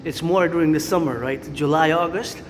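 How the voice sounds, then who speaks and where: A man's voice: a little high, fairly quick. A man vlogging while he walks city streets, rambling and repeating himself as he thinks aloud. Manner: rambling, repetitive, thinks aloud, chants cadences. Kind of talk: rambling walking vlog. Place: city streets outdoors with traffic. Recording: street noise behind.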